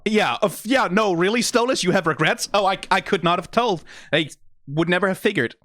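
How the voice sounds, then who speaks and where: A channel host giving excitable, profane, rambling reaction commentary on an animated episode. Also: medium pitch, brisk, dry recording. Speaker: video reactor.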